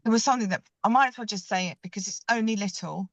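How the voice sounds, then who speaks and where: A woman on a book club video call from a parked car, chatty and expressive. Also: medium pitch, racing, no echo, lo-fi sound. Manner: chatty and expressive, animated when telling anecdotes. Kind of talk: casual group video call discussion.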